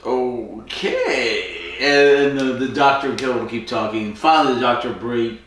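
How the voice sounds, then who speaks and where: A man's voice: mid-range voice, steady tone, quick pace, a bit bright, slight background noise. A man co-hosting a podcast, rambling through a casual episode recap and acting out the characters' lines. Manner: rambling storyteller, acts out quotes. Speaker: podcast co-host. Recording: echoey room, distant from mic.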